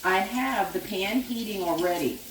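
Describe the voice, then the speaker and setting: A woman's voice: medium pitch, moderate pace, distant mic, slight background noise. A woman hosting a home cooking vlog, talking casually and rambling through asides as she works in her kitchen. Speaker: cooking channel host. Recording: echoey kitchen, voice away from the mic.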